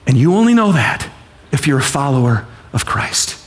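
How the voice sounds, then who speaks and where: A man preaching a sermon with passion, repeating phrases and acting out the voices of people and God, swinging from loud pleading to hushed intensity. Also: medium pitch, big pitch swings, moderate pace. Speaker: pastor.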